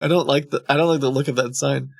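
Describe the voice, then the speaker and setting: A man's voice: mid-range voice, fairly even intonation, fast talker, dry recording. A man streaming live, reading scam emails aloud with amused, chuckling, rambling asides. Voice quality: creaky.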